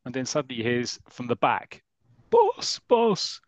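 Speaking briskly in a level, medium-pitched, somewhat bright voice on a dry recording, a British man hosts a podcast. He's retelling an old comic story in casual chat, rambling with enthusiasm and performing the characters' dialogue.

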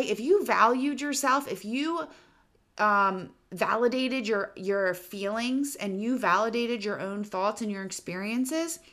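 A woman's voice: medium pitch, a bit bright. A woman, about in her thirties, giving casual self-help advice straight to the listener, frank and swearing now and then. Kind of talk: direct-to-camera advice talk.

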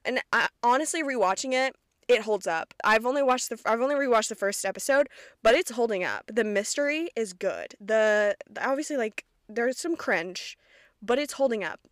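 A woman's voice: a little high, expressive, normal speed, no echo, clean studio sound. A woman of twenty from rural Kentucky hosting her own podcast in a rambling, casual monologue, swearing freely and poking fun at herself. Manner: chatty, rambling, frequent swearing, self-deprecating. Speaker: podcast host.

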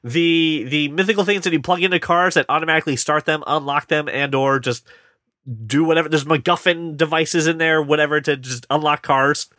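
Bright, animated man reviewing movies. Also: on the high side, fairly quick, no room sound, clean studio sound. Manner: rambling, animated, puts on voices to mock scenes. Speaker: podcast co-host. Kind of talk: casual movie review chat.

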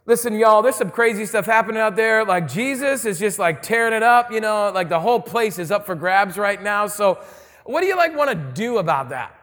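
A preacher playing a flustered mall-cop temple guard. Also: male voice, high voice, a little fast, soft background music. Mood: excited. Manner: excited, rambling, informal. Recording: long hall reverb.

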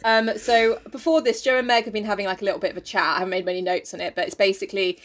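A woman's voice: medium pitch, fairly even intonation, rapid-fire. A woman co-hosting a podcast, recapping a novel in loose casual chat, swearing and laughing as she goes. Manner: chatty, swears, puts on silly voices for characters. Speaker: podcast co-host.

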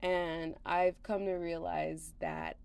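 Slow, rambling tired woman podcaster. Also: lowish voice, flat delivery, gravelly, darkish tone, smooth. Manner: rambling with many fillers and laughs. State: a little tired. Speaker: podcast host. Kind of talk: casual rambling chat. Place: at home.

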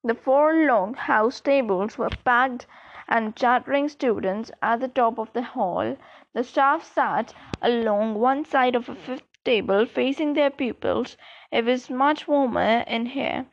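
A woman reads a storybook aloud in a high voice, slow and careful, sometimes stumbling and correcting a word. The recording sounds dull and lo-fi. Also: gravelly. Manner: slow, careful reading with small slips and restarts. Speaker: reader. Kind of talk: amateur audiobook reading.

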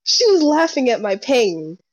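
Young woman, casual storyteller, mellow tone, slightly higher pitch, dull lo-fi sound. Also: measured pace, dry recording. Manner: animated storyteller, acts out quotes. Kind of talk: casual chat.

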